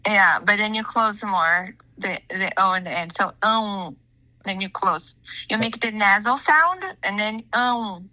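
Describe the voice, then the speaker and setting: A woman's voice: mid-range voice, unhurried, pushed and bright, dry recording, rough recording. A woman coaching someone's pronunciation in a patient, encouraging way, modelling words for them to repeat. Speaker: pronunciation tutor. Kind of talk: pronunciation drill.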